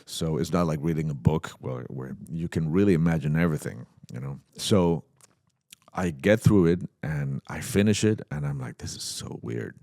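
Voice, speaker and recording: Man, very low voice, dry close sound, animated storytelling. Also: moderate pace, no room sound. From Mexico. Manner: animated storyteller who acts out dialogue. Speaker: guest musician. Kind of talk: casual storytelling interview. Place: podcast set at a trade show.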